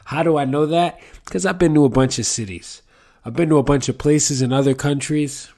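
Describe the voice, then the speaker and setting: A man's voice: on the high side, brisk, a little mellow. A man from New City, hosting a casual solo podcast and telling rambling, profane stories from his apartment. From New York City. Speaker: podcast host. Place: apartment room with a window to the street.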